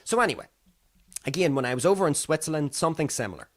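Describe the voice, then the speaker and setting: A young man from Ireland rattles through the news on his podcast, talking fast in a slightly high, animated voice. His casual solo commentary is chatty and meandering, complete with impressions of other people's voices.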